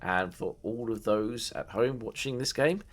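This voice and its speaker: Male dungeon master, low voice, loose chatty narration. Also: measured pace. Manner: rambling, many fillers and restarts. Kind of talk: casual game narration.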